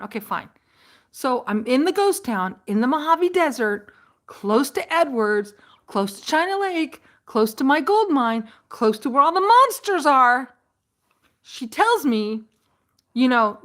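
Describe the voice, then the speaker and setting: A woman talks to her live-stream viewers in a loose, rambling storytelling style. She laughs often, restarts her sentences and speaks with a fairly high voice. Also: animated, moderate pace. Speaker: vlogger on a live chat stream.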